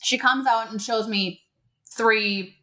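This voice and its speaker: A woman co-hosting a podcast, telling a story in a casual, animated way and acting out what people said. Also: a little high, takes it slowly. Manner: animated, acts out quotes in character voices. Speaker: podcast co-host.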